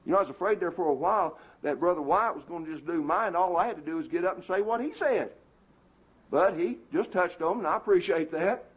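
A man's voice: sits high, fairly quick, slightly rough. A man preaching an emphatic, indignant sermon to a congregation, recorded on a muffled lo-fi tape.

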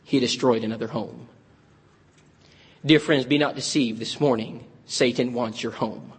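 A man's voice: mid-range voice, normal speed, husky, in a large hall. A man preaching a sermon, moving from folksy humor into earnest, dramatic storytelling.

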